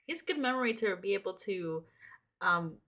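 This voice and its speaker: A woman's voice: mid-range voice, lively intonation, normal speed, a bit bright. A woman co-hosting a podcast in casual chat, curious and full of questions. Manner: curious, asks lots of questions. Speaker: podcast co-host.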